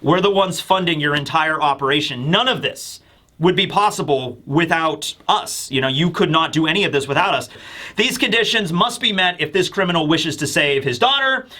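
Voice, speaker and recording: A man voicing a cold, domineering male government overlord who flatly dismisses protests. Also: on the high side, normal speed. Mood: dismissive.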